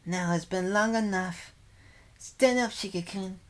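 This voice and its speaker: A woman's voice: medium pitch, measured pace, close to an everyday voice. A woman voicing a possessive, commanding young female vampire from a visual novel. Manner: demanding, cold.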